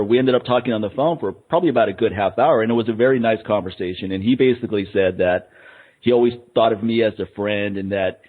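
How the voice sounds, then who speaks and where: A man's voice: fairly low pitch, fast, phone-quality sound. A man hosting a podcast in casual chat, talking heatedly with frequent restarts. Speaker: podcast host.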